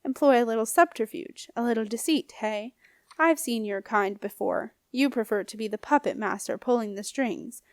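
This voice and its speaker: A woman's voice: fairly high pitch, moderate pace, dry recording, studio quality, natural voice. A woman reading an audiobook, voicing a scornful, menacing old male ghost with a snappish, growling manner. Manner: sneering, bullying.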